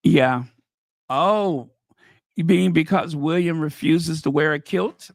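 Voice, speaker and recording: A man's voice: on the high side, slow, no room sound, clean studio sound. A man hosting a commentary channel, reading news headlines aloud and reacting to them with casual, opinionated asides.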